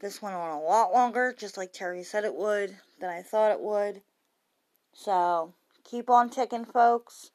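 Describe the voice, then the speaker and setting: A woman's voice: mid-range voice, unhurried, a little mellow. Woman ranting, heavy on the swearing. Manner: profane, emphatic, rambling. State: tired. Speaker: vlogger. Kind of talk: late-night ranting monologue.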